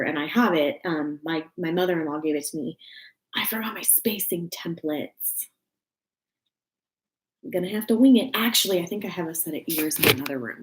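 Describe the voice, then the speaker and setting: A woman's voice: fairly low pitch, a little hiss or hum. A young woman with a Texan accent chatting on a crafting livestream at home, rambling and giggling with many fillers. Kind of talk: casual livestream chat. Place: room at home. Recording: roomy home echo.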